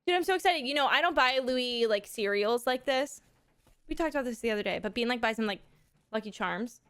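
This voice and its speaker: Chatty, excitable young woman streamer. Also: fairly high pitch, fairly quick, clean tone, no room sound. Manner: chatty and excitable, gushing with gasps and laughs. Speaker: live streamer and mother of a toddler. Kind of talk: casual chat.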